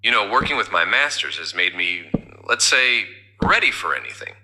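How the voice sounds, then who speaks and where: A man voicing a servile, sly male office assistant who speaks with mock politeness in an animated story. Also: low voice, normal speed, heavily acted. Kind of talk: scripted character voice.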